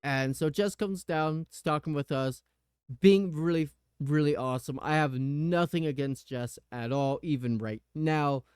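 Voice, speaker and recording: A man hosting a podcast, telling a personal story in a casual, animated way with the odd curse word. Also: fairly high pitch, unhurried, clean tone, dry recording, studio quality. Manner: animated retelling, swearing. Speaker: podcast host.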